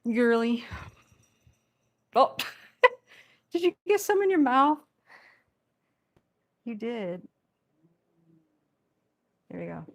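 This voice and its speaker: Playful slow-talking woman chatting to cats. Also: a little high, very animated. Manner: playful, teasing, laughs often, speaks for the cats. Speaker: cat rescue vlogger. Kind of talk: casual talk to cats during play. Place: indoor room with cats. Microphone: camera on tripod.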